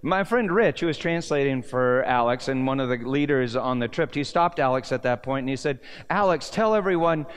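A man preaching a sermon, telling a story with rhetorical questions and swinging from near-shouts down to hushed, low words. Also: a little fast, few pauses, clear, resonant tone. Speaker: pastor.

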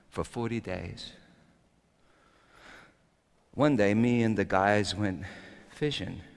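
A man preaching a comic first-person sermon monologue, telling the story wryly and swinging between quiet and loud. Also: fairly low pitch. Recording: long hall reverb.

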